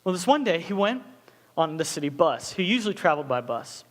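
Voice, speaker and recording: A young man with a high voice preaching to students in a relaxed, joking way, jumping into stories with lively asides. his words ring out with a long reverberant tail. it sounds like a big hall rather than a small room. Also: brisk. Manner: casual, joking, animated storytelling. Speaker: youth pastor. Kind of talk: sermon.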